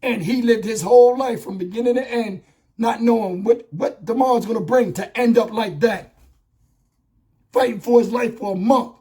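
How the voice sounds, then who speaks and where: Man, high-pitched, hoarse and husky, blunt angry rant, vlog commentary. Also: moderate pace, dark tone. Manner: blunt, profane, impassioned ranting. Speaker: YouTube commentator. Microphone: wireless lavalier.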